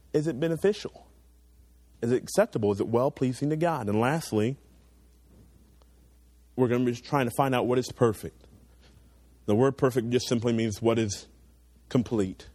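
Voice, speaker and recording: An earnest young preacher addresses teenagers, pressing his message as his voice builds loud and then sinks into soft, low asides. No room sound is audible.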